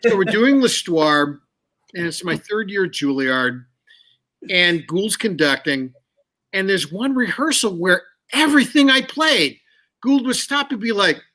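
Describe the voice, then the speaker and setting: A man telling candid stories as an interview guest, animated and swearing freely. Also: high voice, measured pace. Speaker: guest musician. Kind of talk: casual storytelling.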